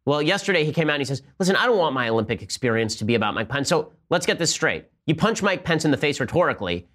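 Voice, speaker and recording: A man's voice: mid-range voice, fairly bright tone. A man hosting a political podcast, speaking in a combative, sarcastic way. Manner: combative, sarcastic, rapid-fire. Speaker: podcast host. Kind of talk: political commentary.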